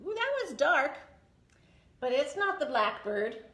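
High, lively, slow sing-song woman. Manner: slow, sing-song and animated, talking to small children. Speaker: children's librarian. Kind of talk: toddler story time with songs and finger plays.

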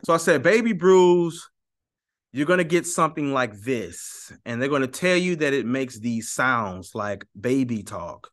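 A man lecturing his viewers with a lively, swinging pitch that goes from high and pushed to low and muttered. His tone is bright and forceful, and he argues his point, repeating lines to hammer them home. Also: normal speed, hardly any pauses. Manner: emphatic, argumentative, repeats for stress. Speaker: YouTube teacher. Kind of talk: animated teaching monologue.

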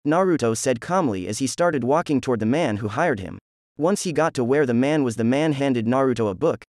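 A man's voice: medium pitch, expressive, a little fast, a little mellow, no room sound, clean studio sound. A man narrating a fan fiction story in a crude, jokey storytelling manner.

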